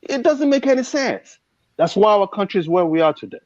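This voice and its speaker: Impassioned Nigerian host on a dull dry line. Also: male voice, high voice, animated, a little fast, darkish tone, no room sound. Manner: impassioned, preachy. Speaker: show host. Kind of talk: emotional live show talk.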